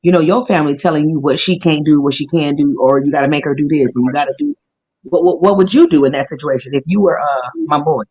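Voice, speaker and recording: A woman's voice: sits low, quick pace, dark tone, husky. A woman co-hosting a podcast in casual chat, blunt and emphatic with slangy phrasing. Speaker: podcast co-host. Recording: dull lo-fi recording.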